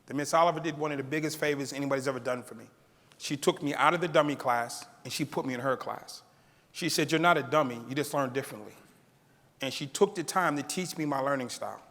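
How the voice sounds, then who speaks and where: A middle-aged man tells his life story to an audience, acting out the people in it and laughing now and then. His voice sits a little high. The sound carries the long echo of a large hall. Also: quick pace. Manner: animated, acts out quoted voices. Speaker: keynote speaker.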